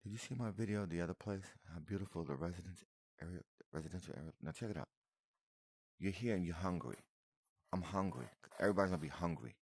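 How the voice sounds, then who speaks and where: Male vlogger, low rough voice, emotional repetitive reaction talk. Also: fast, a little mellow, no room sound, studio quality. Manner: emotional, repetitive, addresses viewer as man and brother. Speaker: video commentator reacting to footage. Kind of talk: casual reaction commentary.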